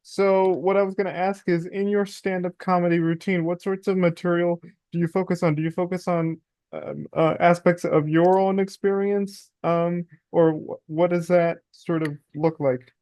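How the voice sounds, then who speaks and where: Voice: mid-range voice, flat delivery, normal speed, darkish tone, no echo. A podcast interviewer asking open questions in a casual, somewhat hesitant way. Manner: hesitant, searching questions with fillers.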